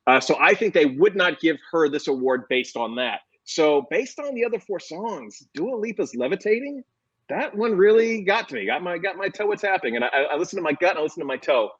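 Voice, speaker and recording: A man's voice: on the high side, animated, fairly quick, fairly bright tone, breathy edge, lo-fi sound. A man on a casual music panel, joking and self-deprecating.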